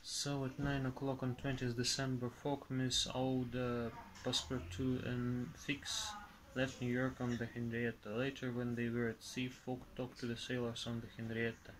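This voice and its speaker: A man's voice: mid-range voice, level tone, moderate pace. A man reading a story aloud steadily, with occasional slips. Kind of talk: reading a graded reader aloud. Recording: noticeable background noise.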